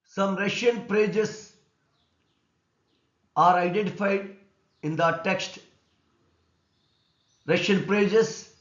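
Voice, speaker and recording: A man with an Indian English accent teaching an English lesson on word stress, explaining slowly and deliberately. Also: sits high, fairly bright tone. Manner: slow, deliberate explanation, repeating words and stress rules. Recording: echoey room, dull lo-fi sound.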